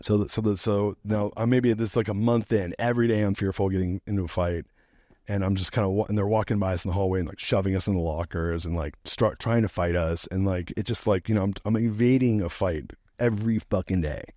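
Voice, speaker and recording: A middle-aged man telling a profane, animated story as a podcast guest, laughing now and then. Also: lowish voice, fast, dry recording, clean studio sound. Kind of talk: casual storytelling.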